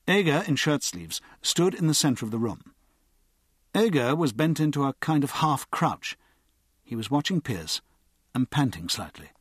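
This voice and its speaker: A man reading an audiobook chapter in a measured, expressive storytelling manner. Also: medium pitch, breathy edge, no echo, clean studio sound. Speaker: audiobook narrator. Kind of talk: scripted narration.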